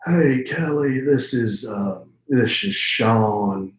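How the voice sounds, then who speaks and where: A man putting on the voice of a gruff Texan boss with a raspy, slow drawl. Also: mid-range voice, close to an everyday voice. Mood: bossy. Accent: Texan, put on. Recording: roomy echo.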